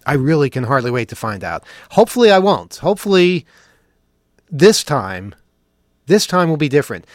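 A man's voice: a little high, big pitch swings, moderate pace, dry recording, clean studio sound. Sarcastic man on a talk show. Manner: sarcastic, mock-questioning, then earnest. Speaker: podcast host. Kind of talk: opinionated talk show monologue.

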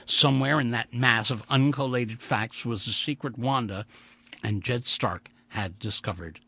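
A man reading a story aloud in an expressive, vivid storytelling way. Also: medium pitch, measured pace, vocal fry. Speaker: audiobook narrator. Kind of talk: dramatic audiobook reading.

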